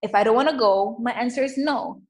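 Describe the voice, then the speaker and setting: Emphatic, high-voiced woman coach. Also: a little fast, poor audio. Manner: emphatic, animated, says "like" often. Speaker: coach and guest. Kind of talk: casual interview chat.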